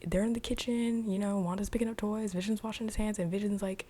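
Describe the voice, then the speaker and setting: A woman giving a casual, chatty recap of a TV episode, animated and full of slang. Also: medium pitch, fast. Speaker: TV show reviewer.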